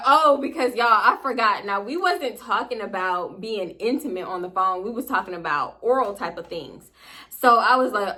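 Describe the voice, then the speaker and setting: A young woman, a storytime vlogger, tells a personal story to the camera in African American Vernacular English. She's casual and animated, laughs often, and slips into hushed asides. Her voice is mid-range and her pace is normal.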